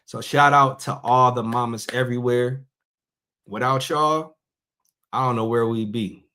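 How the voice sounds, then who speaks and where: A man's voice: medium pitch, steady tone, unhurried, pushed and bright, clean tone. A middle-aged man hosting a casual monologue show, talking in a loose, conversational way and stretching out phrases for emphasis. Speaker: podcast host.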